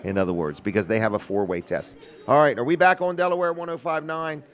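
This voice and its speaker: A man hosting a local radio show, pitching sponsorships in a folksy, joking patter. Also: quick pace. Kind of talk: casual radio talk and sales pitch.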